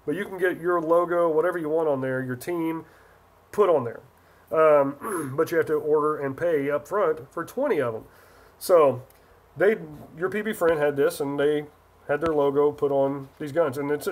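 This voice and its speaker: This livestream host from Northern California keeps things casual, reading viewers' comments aloud and wandering through his replies. His pitch sits noticeably high for a male voice.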